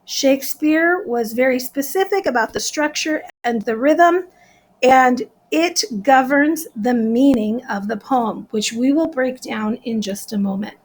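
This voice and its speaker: A woman's voice: high-pitched, measured pace. A woman teacher giving a recorded lesson, explaining step by step and counting out syllables.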